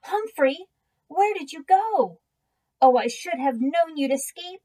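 Woman doing a middle-aged principal dad, flustered, pleading, firm, high-ish voice, storybook. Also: takes it slowly, darkish tone. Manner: pleading, then firm and coaxing.

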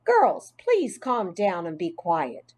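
A woman voicing a firm but patient female teacher calming two girls, in a storybook reading. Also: mid-range voice, takes it slowly. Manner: firm and soothing.

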